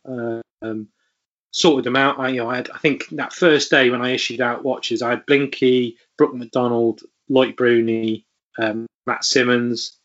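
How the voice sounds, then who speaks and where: A man's voice: medium pitch, steady tone, measured pace, a bit bright, highs cut off. A man, a podcast guest, telling stories in a rambling way with many fillers. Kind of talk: casual storytelling interview.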